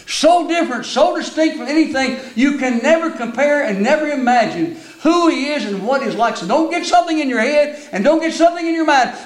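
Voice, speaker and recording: Older man, preacher, sermon, folksy storytelling, high-pitched, echoey room. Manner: folksy storytelling, repeats words when starting.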